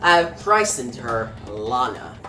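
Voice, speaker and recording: A woman reading the lines of a cold, scheming middle-aged male villain in a low, calm voice. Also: slow pace, roomy sound, exaggerated voice. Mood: cool.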